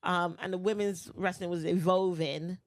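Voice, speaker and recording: A woman's voice: fairly low pitch, steady tone, moderate pace, no room sound. Chatty, teasing woman host, dry sound. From England. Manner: chatty, teasing, laughs often. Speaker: podcast host. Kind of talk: casual podcast chat.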